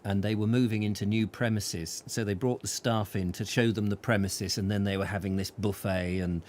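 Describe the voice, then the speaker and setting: A man hosting a casual chat show and telling a lively anecdote, chuckling often and restarting his sentences. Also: fairly low pitch, normal speed, a little hiss or hum. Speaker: host.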